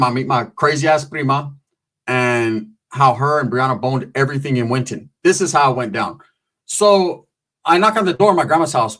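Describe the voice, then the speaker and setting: A man tells a comic story in a casual, profane, slang-heavy style, slipping into squeaky voices whenever he quotes someone. His voice is a bit bright.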